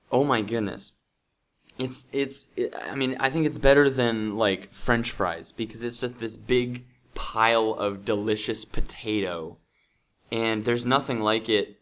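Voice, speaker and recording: Man, podcast host, upbeat, chatty, slow-paced. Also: mid-range voice, fairly bright tone. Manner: upbeat, chatty, full of fillers and restarts. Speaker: English teacher and podcast host. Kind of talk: casual podcast chat.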